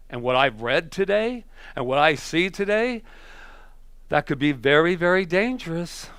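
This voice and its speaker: A male minister preaching in a loose, chatty way, jumping into stories and stumbling over his words now and then. His voice sits at an ordinary middle pitch. The sound is close and dry. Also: clean tone, dry recording. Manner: conversational, animated storytelling with hesitations. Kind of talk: sermon. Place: church.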